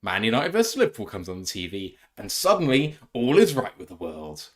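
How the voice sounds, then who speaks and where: A man's voice: on the low side, wildly swooping pitch, a little fast. Chatty man hosting a stream. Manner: reads out chat messages, chatty and joking. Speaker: podcast co-host. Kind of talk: casual live-stream chat.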